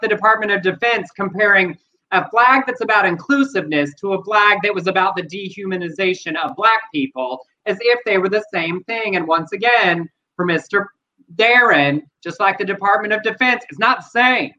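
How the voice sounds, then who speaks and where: A man's voice: high-pitched, expressive, moderate pace, sharp tone, muffled recording. A man co-hosting a podcast, speaking earnestly and persuasively about politics and news. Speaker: podcast co-host. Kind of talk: casual chat, commentary.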